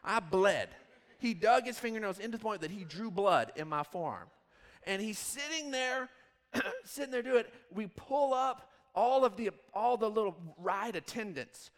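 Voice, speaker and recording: A man in his thirties, a pastor telling a rambling, animated story in a sermon. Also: high-pitched, moderate pace, in a large hall. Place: church hall.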